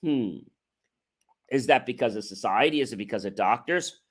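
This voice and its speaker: A middle-aged man hosts a motivational livestream, coaching viewers emphatically with rhetorical questions and acting out example conversations. He speaks at normal speed, with medium pitch and lively intonation.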